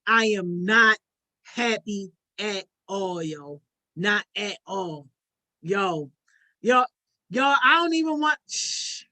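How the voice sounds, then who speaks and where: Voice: mid-range voice, animated, takes it slowly, sharp tone. A youth program host on a casual livestream, greeting viewers by name one after another in slangy talk that ends nearly every phrase with "yo". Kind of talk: casual livestream chat with participants.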